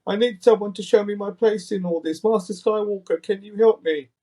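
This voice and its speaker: A man putting on a high, childish, whimpering voice to mimic a meek young heroine pleading for guidance. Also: fairly quick, warm tone. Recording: distant tablet mic.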